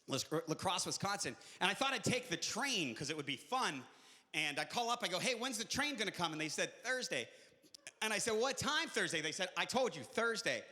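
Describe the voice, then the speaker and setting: A man performing live stand-up comedy, telling animated stories and jumping into shouted character voices. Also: fairly high pitch. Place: live venue with audience. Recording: echoey live hall.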